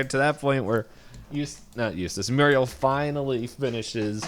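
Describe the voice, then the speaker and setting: A man co-hosting a podcast, casually retelling a cartoon episode in a rambling way and acting out quick lines. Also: medium pitch. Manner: rambling, animated retelling with quick voiced quotes. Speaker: podcast co-host. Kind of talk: casual recap chat.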